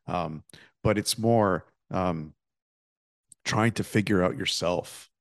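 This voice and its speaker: A man's voice: sits low, creaky, no echo, clean studio sound. A man hosting a podcast, talking casually with many restarts and fillers. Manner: halting, lots of restarts and fillers. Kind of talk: casual interview chat.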